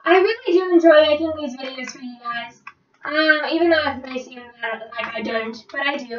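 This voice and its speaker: A woman's voice: high voice, noisy background. A woman giving casual, rambling gameplay commentary, easily startled and muttering to herself. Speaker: gameplay vlogger. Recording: roomy, distant, dull lo-fi recording.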